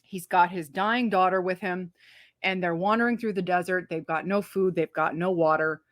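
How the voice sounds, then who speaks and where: A woman co-hosting a casual movie review, talking in an animated, emphatic and profane way, acting out scenes as she retells them. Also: on the low side, normal speed, no room sound, clean studio sound. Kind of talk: casual spoiler-filled movie review chat.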